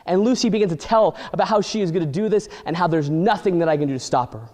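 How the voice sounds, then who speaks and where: A man telling an exaggerated comic story with animated, deadpan delivery. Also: high voice, quick pace. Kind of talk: comedic storytelling. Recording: long hall reverb.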